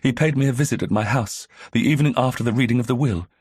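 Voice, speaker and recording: A man's voice: medium pitch, quick pace, darkish tone, no echo, studio quality, pitched above the performer's own voice, lightly acted. A man reading an audiobook, voicing an anxious, frightened young woman who talks hesitantly. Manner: hesitant, breathy half-whisper. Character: nervous, anxious young woman, village heiress.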